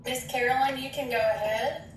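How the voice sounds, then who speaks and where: A woman's voice: high voice, steady tone, fairly quick, a little hiss or hum. Polite woman on a distant call. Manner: friendly, calling on people politely. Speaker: group voice therapist. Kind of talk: leading an online group session. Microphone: video call. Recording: echoey, distant call audio.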